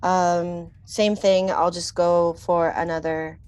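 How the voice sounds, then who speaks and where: A woman playing a tabletop game, speaking in an unhurried, hesitant way. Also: on the low side, little pitch movement, darkish tone, smooth, dry recording. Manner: slow, unhurried. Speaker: player.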